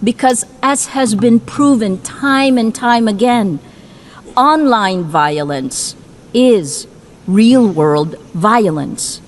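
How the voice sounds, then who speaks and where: A woman from the Philippines delivering a formal prepared speech to an assembly. She speaks in a measured, emphatic way with deliberate pauses. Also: fairly high pitch, slight background noise. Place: large assembly hall.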